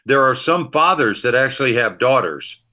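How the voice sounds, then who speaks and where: Bright-voiced man telling heartfelt stories. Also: mid-range voice, moderate pace. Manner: animated storyteller, emotional anecdotes. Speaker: guest author and ministry leader. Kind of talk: storytelling interview talk.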